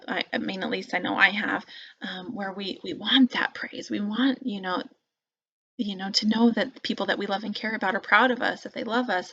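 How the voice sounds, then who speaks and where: A woman teacher explaining parenting advice in casual talk, with many fillers and animated example phrases. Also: medium pitch, no echo, muffled recording.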